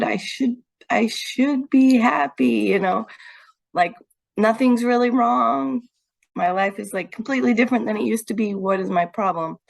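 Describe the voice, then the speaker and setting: A woman's voice: medium pitch, gravelly. Frank, upbeat woman podcast host. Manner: frank and upbeat, with casual swearing. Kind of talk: casual chat.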